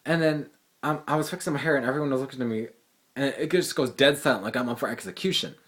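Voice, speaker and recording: A teenage boy vents to the camera in a loose, rambling story. He sounds exasperated and swears freely while he retells what happened. His voice sits at an ordinary mid pitch. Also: fast. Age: teens. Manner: exasperated, profane, lively retelling. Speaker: vlogger, high school student. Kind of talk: casual storytelling rant.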